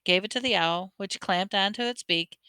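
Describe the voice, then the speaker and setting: A woman reading a novel aloud with expressive storytelling and small slips, close to a dry mic. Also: mid-range voice, normal speed, clear, resonant tone, no room sound. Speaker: audiobook reader.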